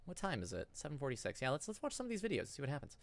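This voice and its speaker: A man's voice: medium pitch, wildly swooping pitch, racing, gravelly. A man streaming a card game, rambling and joking as he plays. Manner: rambling, jokey. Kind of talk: casual gameplay commentary.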